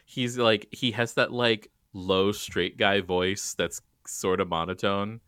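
A man's voice: fairly low pitch, steady tone, slow, a bit bright, smooth, dry recording, clean studio sound. A man co-hosting a podcast, chatting casually, rambling with lots of "like" and giggles. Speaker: podcast co-host. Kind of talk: casual chat.

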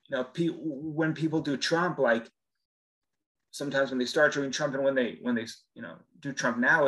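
A male voice actor talks shop in a relaxed podcast conversation. He circles around his points with ums and restarts, in an everyday mid-range voice. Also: medium pitch, rough recording. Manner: chatty, many fillers and restarts. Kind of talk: casual interview chat.

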